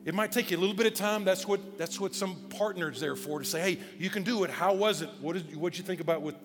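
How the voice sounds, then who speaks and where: A male pastor preaching a sermon in a conversational, animated way with casual asides, speaking. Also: high-pitched, quick pace. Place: church auditorium. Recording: long church hall reverb with faint music.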